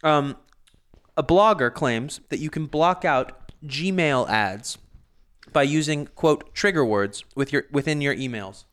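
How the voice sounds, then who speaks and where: A man's voice: a little high, slow pace, fairly bright tone, clean tone. A man co-hosting a casual podcast chat, explaining topics at length, laughing easily and swearing casually. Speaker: podcast co-host.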